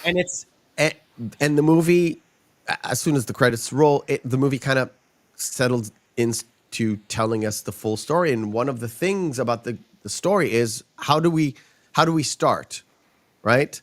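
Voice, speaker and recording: A man's voice: medium pitch, moderate pace. A man hosting a podcast, chatting casually about a film with frequent restarts and chuckles.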